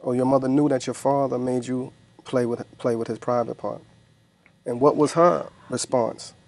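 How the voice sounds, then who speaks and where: A man hosting an interview, asking measured, probing follow-up questions. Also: medium pitch, steady tone, creaky, darkish tone. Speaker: interview host.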